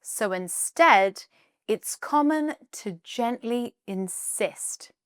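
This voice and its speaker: A British woman presenting a scripted English lesson, explaining clearly and reading out example phrases. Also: fairly high pitch, animated, extremely slow, fairly bright tone, dry recording, studio quality. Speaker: English teacher.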